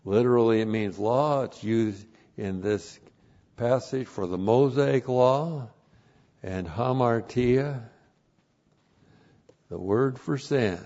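A male pastor teaching a passage word by word, spelling out Greek terms and bursting into loud emphatic phrases. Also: medium pitch, slow, long pauses, lo-fi sound. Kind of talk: expository Bible teaching.

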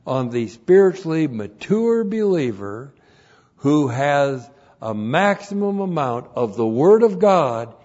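A man pastor giving an expository sermon, deliberate and emphatic, with pauses and fillers. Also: on the high side, darkish tone, muffled recording. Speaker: pastor and Bible teacher.

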